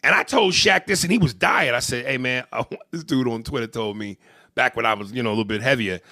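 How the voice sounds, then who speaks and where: A man who works as a comedian, co-hosting a podcast and telling profane, animated, joking stories in a casual rant. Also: mid-range voice, quick pace, no room sound, clean studio sound.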